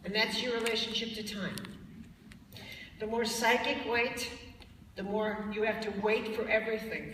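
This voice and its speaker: A woman's voice: medium pitch, fairly bright tone, slight background noise. A woman speaker giving a blunt, emphatic lecture to a live audience, sometimes mocking the tones of voice people use. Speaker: spiritual speaker. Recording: echoey hall from far off.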